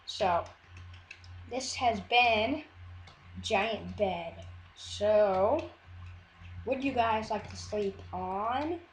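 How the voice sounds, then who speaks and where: A woman's voice: mid-range voice, extremely slow, long pauses, echoey room, a little hiss or hum. A woman chatting casually over her gameplay video, rambling and often cutting herself off. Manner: rambling, chatty, self-interrupting. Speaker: Minecraft video maker.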